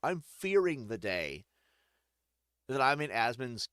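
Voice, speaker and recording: A man's voice: mid-range voice, very animated, takes it slowly, fairly bright tone, clear, resonant tone, no echo, clean studio sound. A man giving rambling, joking, profane let's-play commentary while playing a game. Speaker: gaming streamer.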